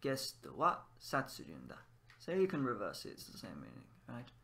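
Swooping wildly in pitch around a mid-range base, his gravelly, sharp voice moves at a normal speed. While playing a game, this language teacher casually tries out Japanese expressions and explains them in English. He muses aloud, shifting between Japanese and English.

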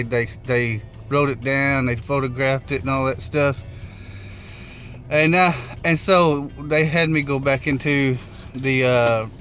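A man telling a rideshare story in a casual vlog, animated and swearing freely as he acts out the quotes. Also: mid-range voice. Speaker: rideshare driver vlogger.

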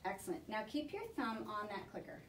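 A woman dog trainer giving brisk, encouraging hands-on coaching to a student. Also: medium pitch, lively intonation, heavy background noise. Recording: echoey room, mic at a distance.

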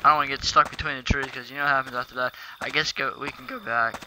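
A man's voice: mid-range voice, fairly even intonation, fast, noisy background. A man giving jumpy, profane let's-play commentary, talking back to the game as he plays. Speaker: gaming YouTuber.

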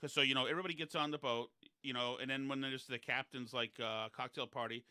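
A man with a bright, forceful voice tells loose, wandering stories in a relaxed podcast chat. He is recorded close and dry, with no room sound. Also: medium pitch, fast talker, clean tone, dry recording. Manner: digressive, chatty anecdote-telling.

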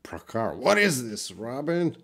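A man teaching a live online English writing lesson, reading example sentences aloud and quizzing viewers in a patient, unhurried way. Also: mid-range voice, very animated, creaky, fairly bright tone, slightly rough.

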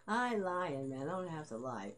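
A woman's voice: deep voice, very animated, unhurried. A middle-aged woman vlogging in a rambling, casual monologue, swearing freely and laughing often. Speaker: vlogger and aspiring author.

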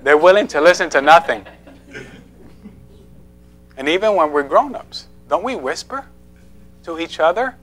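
Man preaching in church, chatty and playful, pitch jumps all over, light music behind. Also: expressive, a little slow, pauses often, fairly bright tone. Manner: playful, asks the congregation questions, laughs often. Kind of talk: conversational sermon. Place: church sanctuary.

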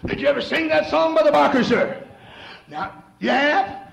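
Middle-aged male preacher, very high and gravelly, fervent sermon delivery, echoey old church recording. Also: lively intonation, normal speed. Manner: fervent, rising to shouts and dropping low. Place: church sanctuary.

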